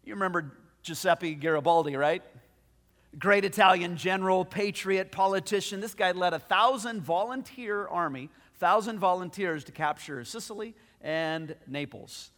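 A man pastor preaching a sermon, telling a story with animated delivery and frequent restarts. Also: sits high, moderate pace, big-room sound.

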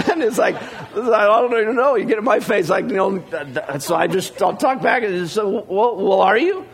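A middle-aged male pastor preaches in a loose, chatty way, full of "uh"s and restarts. His voice sits a bit higher than most men's, and he gets lively when he acts out conversations. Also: normal speed, gravelly. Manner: conversational, many fillers, animated when retelling dialogue. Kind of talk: sermon with storytelling.

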